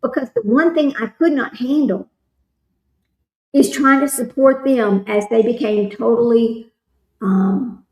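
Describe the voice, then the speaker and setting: A woman's voice: fairly high pitch, a little slow, a little mellow, reverberant, low-quality recording. A woman, hosting a casual livestream and chatting with viewers in a rambling way while reading their comments aloud. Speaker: livestream host commenting on a trial. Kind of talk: casual chat with live chat readers.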